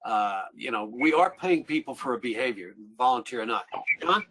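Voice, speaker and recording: A man's voice: mid-range voice, lively intonation, normal speed, fairly bright tone, low-quality recording. Man moderating a webinar panel. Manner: conversational, paraphrasing and prompting.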